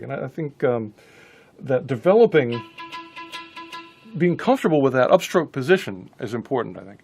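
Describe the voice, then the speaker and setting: A man's voice: medium pitch, darkish tone. A man giving a casual guitar lesson, thinking aloud with frequent restarts. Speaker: guitar teacher. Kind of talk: casual instructional talk.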